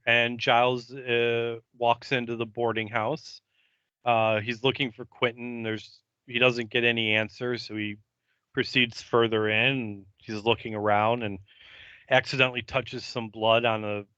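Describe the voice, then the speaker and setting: Bright, clear male podcaster recapping loosely. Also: mid-range voice, flat delivery, unhurried, no echo, highs cut off. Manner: rambling recap with many ums and uhs. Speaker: podcast co-host. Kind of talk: casual episode recap.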